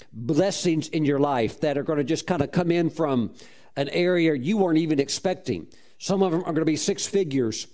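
A man with a fairly high voice preaches through a folksy story. His delivery is animated and loose, full of restarts, and he breaks out in laughter and whoops along the way. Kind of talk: storytelling sermon.

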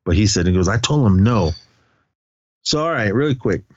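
A man's voice: fairly low pitch, lively intonation, moderate pace, no echo, highs cut off. A man co-hosting a podcast, casually retelling a film's scenes with lots of quoted lines and fillers. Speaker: podcast co-host. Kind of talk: casual movie recap.

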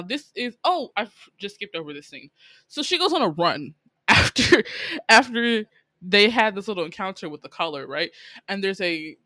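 A woman's voice: mid-range voice, no echo. A woman in a casual chat, recapping a drama with laughter and acting out the characters' lines. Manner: chatty, animated, laughs often, acts out characters' lines. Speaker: podcast co-host.

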